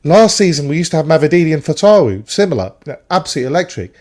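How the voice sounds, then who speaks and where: A man's voice: fairly high pitch, sing-song, rapid-fire, darkish tone. A man on a fan show, giving long, opinionated takes on football. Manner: opinionated, explains at length. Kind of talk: casual football chat.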